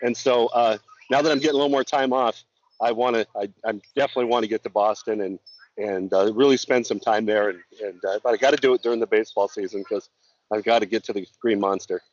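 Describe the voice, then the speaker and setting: An earnest guest who works in law enforcement talks casually over a remote call, his voice on the low side, steady in tone, and fast. He tends to repeat words as he goes. The call audio is slightly dull and carries faint noise.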